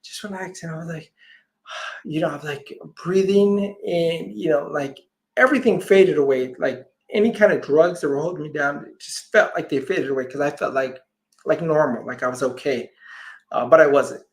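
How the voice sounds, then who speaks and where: Gravelly man rambling through a story. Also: a little high, normal speed, poor audio. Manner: rambling, full of "you know" and "I says", retells dialogue. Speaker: guest, healer. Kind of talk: personal storytelling in a conversation.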